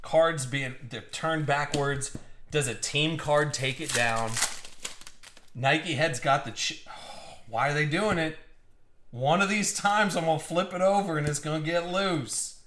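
Excitable man hosting a live card break. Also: a little high, measured pace, echoey room, slight background noise. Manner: excitable, swings from hype to hushed suspense. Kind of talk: live card-opening commentary.

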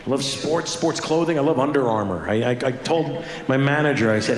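A male comedian doing self-deprecating stand-up on stage, halting and restarting his sentences. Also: mid-range voice. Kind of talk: stand-up storytelling. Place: large comedy venue on stage. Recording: echoey venue, loud crowd laughter.

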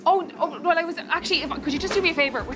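A woman's voice: very high voice, over music. An Irish woman hosting a hidden camera prank, talking in a chatty, reassuring way as a hearing test assistant. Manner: chatty, reassuring, quick little affirmations.

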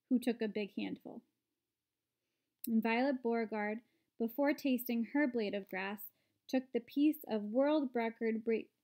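A woman narrating a children's book aloud in a steady, clear way. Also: a little high. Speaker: storyteller. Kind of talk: read-aloud storybook narration.

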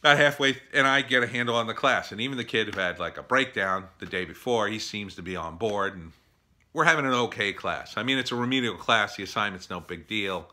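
In a casual opinion monologue, a middle-aged man tells a story with a fairly low voice at a fairly quick pace. He's animated, acting out other people in exasperated bursts.

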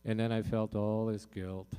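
A male singer-songwriter performing in concert tells the live crowd a personal story in a lowish, mellow, clean-toned voice. His talk is loose and heartfelt, full of fillers and restarts, delivered flatly at a moderate pace.

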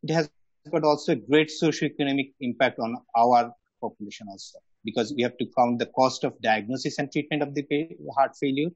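A man chairing a medical webinar session, speaking formally and in a measured way. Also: mid-range voice. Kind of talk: formal conference introduction. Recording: dull dry lo-fi webinar audio.

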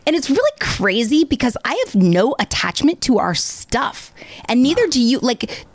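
A woman's voice: high voice, sing-song, moderate pace, no room sound. A woman from Northern California co-hosting a podcast, chatty and emphatic, with a lot of "like" in her talk. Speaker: podcast co-host. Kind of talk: casual chat.

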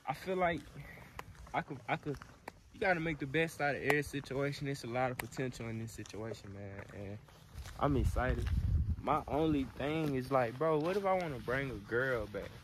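Slangy young man outdoors. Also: mid-range voice. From Alabama, US. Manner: slangy, profane, rambling. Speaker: vlogger. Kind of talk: casual chat. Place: outdoors in rural desert. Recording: outdoor phone video with noise.

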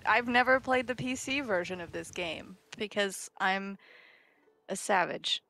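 A woman's voice: mid-range voice, a little slow, sharp tone. A woman co-hosting a casual game livestream, playful and teasing as she reads chat aloud. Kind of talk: casual gaming stream chat.

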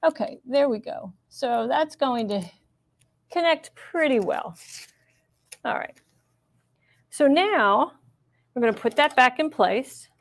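A woman's voice: high voice, lively intonation, slow, creaky, long pauses. A middle-aged woman teaching a live machine embroidery demonstration, chatty and encouraging as she narrates each step. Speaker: embroidery instructor. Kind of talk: live-streamed sewing demonstration.

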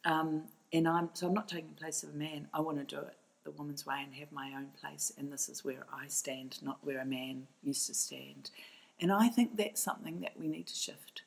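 A woman with a New Zealand accent and a low, steady voice answers interview questions with heat and conviction. She is middle-aged and often restarts her sentences as she presses her point. She speaks about her work as a documentary filmmaker. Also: moderate pace, vocal fry, poor audio. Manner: passionate, emphatic, many restarts. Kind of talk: podcast interview.

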